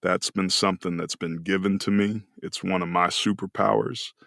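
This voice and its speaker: A man's voice: low voice, steady tone, moderate pace, gravelly, a bit bright, no room sound, studio quality. A man in his forties from California, a podcast guest and former football player, telling a personal story in an earnest, reflective, emotional way. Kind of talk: casual storytelling conversation.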